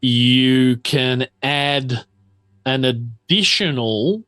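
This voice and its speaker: A man running a tabletop game as game master, explaining rules slowly with lots of fillers. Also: mid-range voice, fairly bright tone, faint music behind. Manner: unhurried, drawn-out explanations with fillers.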